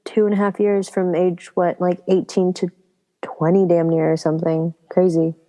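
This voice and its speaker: Young woman co-host, lowish mellow voice, chatty and joking, long reverb. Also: fairly even intonation, moderate pace. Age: young adult. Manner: chatty, laughs often, joking. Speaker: podcast co-host. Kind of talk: casual chat.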